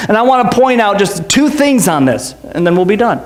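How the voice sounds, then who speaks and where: A man's voice: sits high, very animated, a little fast, reverberant. A man preaching a sermon as pastor, conversational and joking, full of rhetorical questions. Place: church sanctuary.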